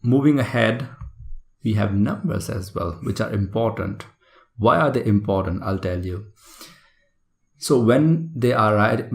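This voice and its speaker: Male tutor, low voice with some fry, patient explainer. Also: a little mellow. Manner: explanatory, checks in with listeners. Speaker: English test tutor. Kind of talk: recorded video lesson.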